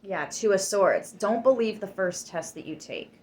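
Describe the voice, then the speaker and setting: A woman tarot reader talking straight to her viewers, emphatic and easily worked up. She swears freely as she pushes her point. Her voice sits at an ordinary middle pitch for a woman. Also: lively intonation, normal speed, darkish tone. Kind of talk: tarot reading to camera.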